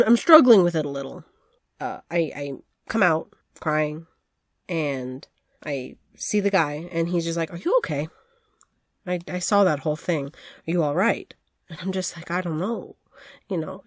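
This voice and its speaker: A woman's voice: sits low, dry recording, studio quality. A woman co-hosting a podcast, retelling her part of a role-play event in casual chat and acting out the lines people said. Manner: lively retelling with acted-out quotes and laughs. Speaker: podcast co-host.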